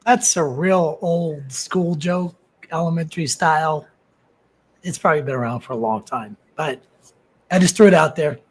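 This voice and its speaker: Male contestant, husky tone, higher pitch, laid-back and amused. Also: moderate pace. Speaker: game show contestant. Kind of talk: casual chat.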